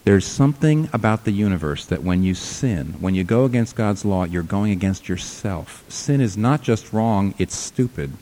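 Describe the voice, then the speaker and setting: A low-voiced man preaching a sermon in a church. He talks emphatically, climbing to loud, high peaks and then dropping to quiet, low lines. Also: expressive, normal speed, few pauses, slight background noise. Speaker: pastor.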